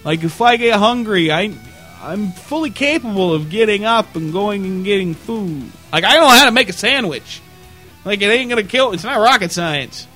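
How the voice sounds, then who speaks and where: A man co-hosting a casual podcast, telling stories in a loose, profane, animated way. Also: high-pitched, normal speed, faint music behind. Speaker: podcast co-host. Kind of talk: casual chat.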